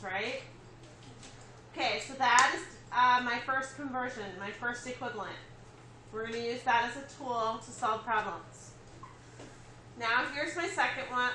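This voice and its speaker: In a classroom, a woman gives a chemistry lecture, walking through it step by step and checking in with her students. Her voice is slightly high, pushed and bright, with a touch of hiss or hum, and the room sounds echoey with faint ambience.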